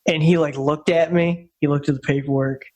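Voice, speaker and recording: A man's voice: a little high, fairly even intonation, brisk, a little mellow. A man co-hosting a casual podcast, telling a rambling, profane story and repeating himself a lot. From Upstate New York. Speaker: podcast co-host. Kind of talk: casual chat.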